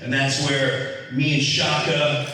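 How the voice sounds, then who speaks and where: Middle-aged guy doing comedy storytelling, slow and rambling, sounds far off in a big echoey room. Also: mid-range voice. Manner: rambling, animated, acts out voices. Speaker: comedian host. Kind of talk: comic storytelling.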